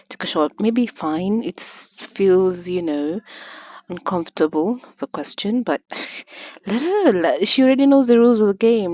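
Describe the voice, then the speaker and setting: A woman's voice: medium pitch, warm tone, no echo. Woman reaction host, chatty and frank; dull, dead-dry recording. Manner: chatty, frank, gossipy asides. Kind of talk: casual commentary over a clip. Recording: dull, dry, muffled sound.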